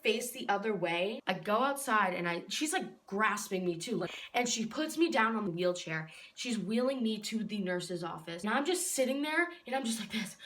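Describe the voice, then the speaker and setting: A teenage girl talks straight to the camera in a bright, forward voice, packing nearly every phrase with "like." Her storytelling is casual and chatty, and she gets loud and indignant when the story turns dramatic. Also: medium pitch. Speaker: vlogger.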